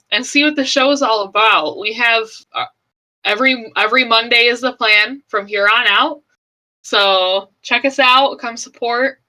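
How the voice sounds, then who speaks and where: A woman calmly making a show announcement, unhurried and upbeat, with a few fillers. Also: on the high side, low-quality recording.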